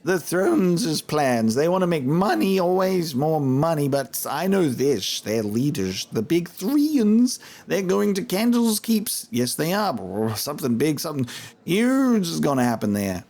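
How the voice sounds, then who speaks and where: A man's voice: medium pitch, brisk, hardly any pauses, a little mellow, natural voice. A man voicing a bitter, tipsy male innkeeper who rambles and grumbles, chuckling as he talks. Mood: conspiratorial. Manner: rambling, aggrieved, chuckling mid-sentence.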